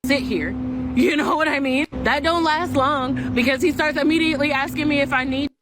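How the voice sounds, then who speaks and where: A woman's voice: high-pitched, fairly even intonation, a little fast, over music. A woman telling a profane, exasperated story and acting out the people she quotes. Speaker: clip creator. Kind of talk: ranting storytime.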